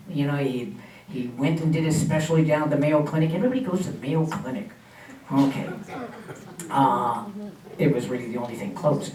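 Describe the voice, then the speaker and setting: A man with a fairly high voice tells a personal history to an audience, chatty and unhurried, with fillers and small laughs along the way. He is picked up from a distance in an echoey room, with faint ambience in the background. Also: a little mellow, slight background noise. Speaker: guest speaker. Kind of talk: community storytelling talk with slides.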